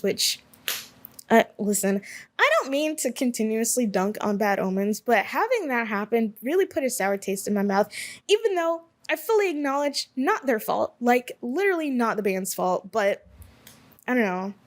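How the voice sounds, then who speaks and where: Young woman from Alabama, solo podcast host; slightly high voice, loose and rambling delivery with frequent self-corrections, easygoing and chatty. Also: sing-song, moderate pace. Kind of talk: casual solo podcast monologue.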